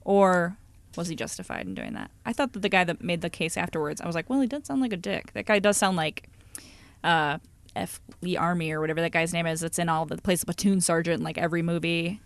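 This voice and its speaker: A woman co-hosting a podcast, chatting casually and rapidly, full of filler words. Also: lowish voice, fairly even intonation, gravelly, no room sound. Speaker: podcast co-host. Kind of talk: casual chat.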